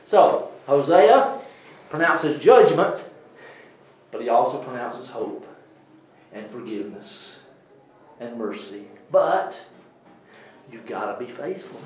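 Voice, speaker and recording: A man with a Southern US accent giving an informal Bible lesson, chatty, with many fillers and some throat clearing. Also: on the low side, darkish tone, reverberant, a little hiss or hum, low-quality recording. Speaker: Bible teacher.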